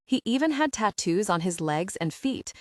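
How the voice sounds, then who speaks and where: A woman reads a romance audiobook in a steady, even voice of medium pitch at a moderate pace. The scripted narration is recorded dry with clean studio sound.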